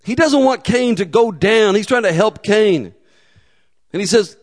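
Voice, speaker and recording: A man preaching a sermon in a relaxed, conversational way, with humor and acted asides. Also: sits high, unhurried. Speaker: pastor.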